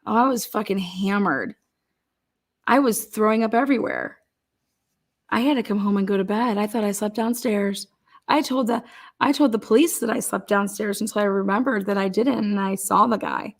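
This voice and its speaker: A woman's voice: mid-range voice, normal speed, lightly acted. A woman mimicking a flustered young woman witness. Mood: careless. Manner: hesitant, stumbling, defensive. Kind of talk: mocking role-play.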